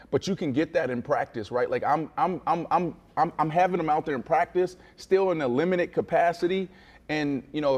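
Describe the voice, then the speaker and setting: Man, sports talk co-host, fairly high voice, lively boastful storytelling, stumbles and restarts. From Florida.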